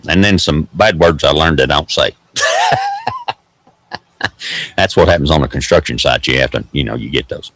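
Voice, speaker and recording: A man's voice: extremely low pitch, a bit bright, dry recording, rough recording. A man with an East Tennessee accent hosting a vlog, rambling through a casual story in a folksy drawl with lots of repeated words. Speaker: host.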